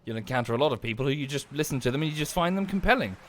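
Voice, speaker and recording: A man's voice: fairly high pitch, lively intonation, racing, fairly bright tone. A man from southern England with an Estuary English accent, talking casually while he plays a game on a livestream, thanking viewers by name and swearing under his breath at the game. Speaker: game streamer.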